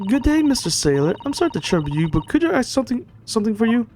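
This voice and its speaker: A man's voice: very high voice, sing-song, fast, a little mellow, slight background noise, voice pushed up, full character voice. A man reading an eager young student. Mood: polite.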